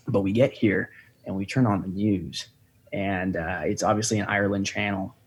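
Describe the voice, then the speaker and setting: A young man, a podcast guest, telling a trip story in a relaxed, chatty way, swearing freely and saying "you know" a lot. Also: on the low side, normal speed, slightly rough. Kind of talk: casual chat.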